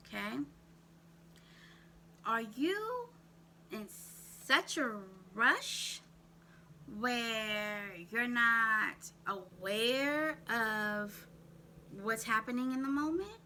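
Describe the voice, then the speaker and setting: Speaking straight into the camera, an animated woman with a sharp, high-leaning voice coaches her audience on self-care. She asks a rapid string of questions and tells them again and again to "write that down"; there's slight background noise.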